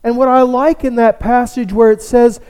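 A male pastor preaching a sermon, telling a story slowly and dropping to a hush for emphasis. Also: extremely high pitch, level tone, clean tone, in a large hall. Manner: slow, storytelling delivery that drops to a hush for emphasis.

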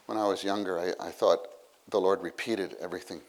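A man preaching a sermon, retelling a story with lively acted-out exclamations and asides to the listeners. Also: deep voice, fairly quick, hardly any pauses. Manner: animated storytelling, acts out scenes with exclamations.

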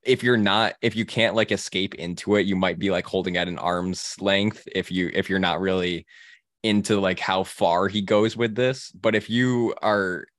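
Young male host, deep voice, halting casual talk, dry mic. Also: steady tone, fairly bright tone, dry recording. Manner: halting, many restarts and fillers. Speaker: film podcast host. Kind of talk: casual film discussion.

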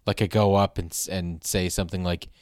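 A man hosts a solo podcast in a low voice with little pitch movement, talking a little fast. He rambles casually with wry self-deprecation, restarting often and swearing offhandedly. The sound is clean studio audio with no echo.

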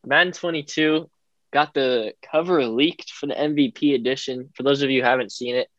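A young man from California, co-hosting a podcast with measured, mock-formal reasoning. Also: mid-range voice, a bit bright, no room sound. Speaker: podcast co-host. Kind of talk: casual chat. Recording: dull lo-fi mic.

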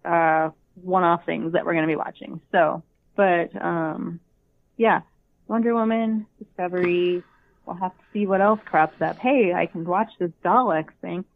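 A woman's voice: fairly low pitch, fairly even intonation, a little slow, creaky. A woman guest in a casual podcast chat, rambling with a wry, self-deprecating manner over a phone call. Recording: tinny dry phone line.

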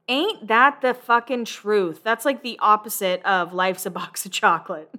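Bright-voiced chatty woman host. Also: medium pitch, moderate pace, hardly any pauses. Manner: chatty, swears freely, laughs often. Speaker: podcast host recapping a reality show. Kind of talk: casual chatty recap.

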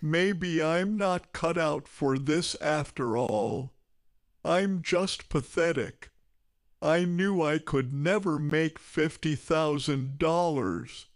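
A man playing a hot-tempered, bossy dad in a comedy sketch, yelling and insulting his son. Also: a little high, slow, no room sound, clean studio sound. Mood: sad. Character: hot-tempered loud middle-aged dad.

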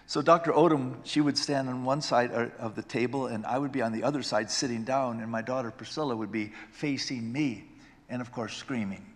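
Emphatic preacher in a reverberant hall. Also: male voice, medium pitch, brisk. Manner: emphatic, swings from loud exclamations to hushed storytelling. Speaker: pastor. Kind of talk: sermon.

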